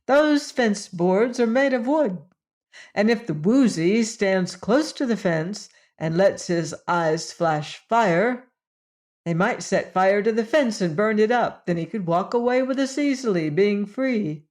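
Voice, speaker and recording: A woman's voice: mid-range voice, unhurried, voice pushed up, natural voice. A woman doing the bubbly patchwork girl Scraps. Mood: excited. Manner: bubbly, excitable. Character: lively gleeful patchwork girl, cheeky. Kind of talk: audiobook character voice.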